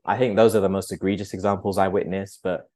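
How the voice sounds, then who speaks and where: A man's voice: sits low, level tone, fast talker, dark tone. A man, a podcast guest, talking earnestly and reflectively in a conversational interview, with frequent fillers. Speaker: podcast guest, agency founder.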